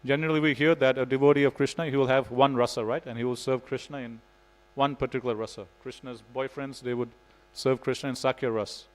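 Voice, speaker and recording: A man's voice: medium pitch, steady tone, fast talker, hardly any pauses, low-quality recording. A man giving a devotional scripture class in a temple, telling stories in a casual way with frequent "you know". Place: temple hall.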